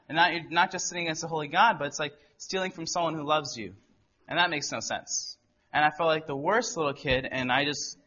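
Young man, earnest personal testimony, slightly high voice, dull lo-fi recording. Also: sharp tone. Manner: earnest storytelling, quoting others in dialogue. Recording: muffled lo-fi recording.

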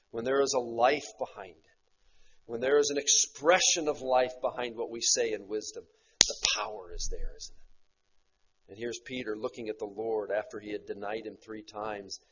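A man's voice: on the low side, a bit bright, slight background noise. Man preaching with rhetorical questions, muffled. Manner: rhetorical questions, slow emphatic phrasing. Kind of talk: expository sermon. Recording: muffled lo-fi recording.

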